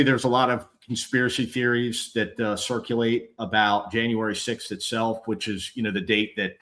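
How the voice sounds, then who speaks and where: A middle-aged man, a former police officer hosting a live show, talking candidly and bluntly with halting repeats and swearing. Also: fairly low pitch, a bit bright. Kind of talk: candid conversational chat.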